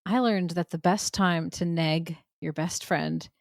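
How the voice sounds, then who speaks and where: A woman's voice: on the low side, fairly even intonation, measured pace, no room sound, studio quality. A woman, a returning guest on a podcast, chatting casually and bluntly, joking at her own expense and laughing often. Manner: jokey, laughs often, blunt and self-mocking.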